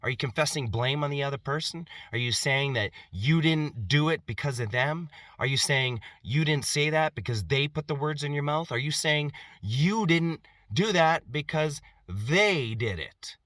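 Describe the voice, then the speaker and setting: A man's voice: fairly high pitch, normal speed, hardly any pauses, fairly bright tone, no room sound, clean studio sound. A middle-aged man delivering an emphatic personal monologue to camera, piling up rhetorical questions and repeating himself for effect. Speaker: vlogger.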